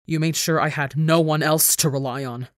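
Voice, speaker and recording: A reader playing a traumatized young winged man who shouts and snarls with raw fury, in a dry close recording. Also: mid-range voice, steady tone, normal speed, no echo, natural voice. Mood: screaming.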